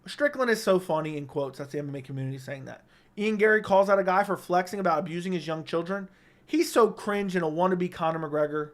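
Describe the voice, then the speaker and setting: Young male streamer, higher voice, blunt quick takes, home studio mic. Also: expressive. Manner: blunt, opinionated, quick verdicts. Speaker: livestream host reading viewer comments. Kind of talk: casual livestream chat. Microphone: studio microphone.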